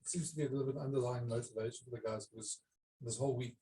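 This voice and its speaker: A male sports reporter fires off quick follow-up questions at a press conference. He talks fast, and faint noise and clicks sit under his voice. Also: medium pitch, steady tone, warm tone, rough recording. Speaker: sports journalist.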